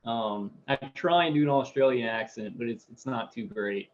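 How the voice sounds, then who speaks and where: A man chats through a late-night livestream from home, his voice at an ordinary middle pitch. He talks in a loose, halting ramble, full of fillers, and greets viewers by name as he goes. The sound is dull and lo-fi. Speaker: livestream host.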